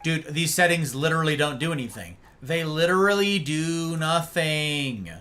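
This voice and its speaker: A man's voice: on the high side, moderate pace, bright, forceful tone. A man streaming a game live, exasperated and ranting about the controls while talking to his chat and a friend.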